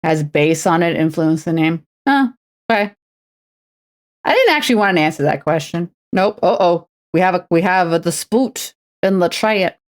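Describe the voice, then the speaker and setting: A Canadian woman in her twenties chats on a livestream as she paints a miniature, her voice on the low side, animated, at a normal speed. She's playful and self-mocking, slipping into announcer voices now and then.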